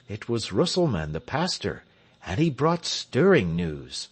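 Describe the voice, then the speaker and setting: Slow, expressive male audiobook narrator. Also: on the low side, husky. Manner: expressive storytelling. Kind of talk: scripted narration.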